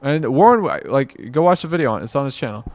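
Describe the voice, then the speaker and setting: A man's voice: medium pitch, big pitch swings, fast, darkish tone, no room sound. A man giving rambling, exasperated reaction commentary, muttering to himself and mocking what he watches. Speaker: commentary vlogger.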